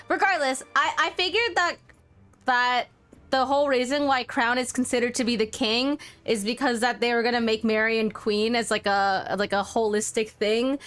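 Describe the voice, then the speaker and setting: High-voiced woman rambling over a game. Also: a bit bright. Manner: rambling, restarts, swears. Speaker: streamer. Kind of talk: casual game commentary.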